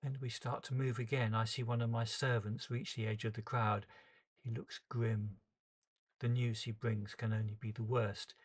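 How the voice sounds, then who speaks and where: Male storyteller, mid-pitched, earnest and emotional in a first-person dramatic monologue. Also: flat delivery, normal speed. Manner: earnest, emotional, shifts pace with the tension.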